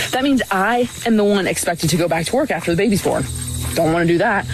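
A woman's voice: lowish voice, background noise. A woman talking emphatically to camera in a matter-of-fact manner. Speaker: video creator. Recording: music playing behind.

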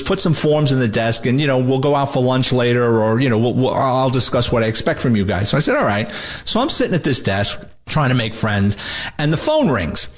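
A retired police detective from New York, an older man, telling a lively anecdote about his days on the job and acting out the voices of the people in it. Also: medium pitch. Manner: animated storyteller acting out quotes. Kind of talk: spoken anecdote segment.

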